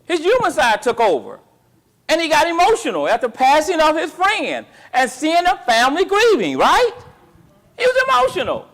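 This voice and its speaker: A man teaching a Bible class, quizzing his students with call-and-response questions and retelling the story in colloquial, animated speech. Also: extremely high pitch, normal speed.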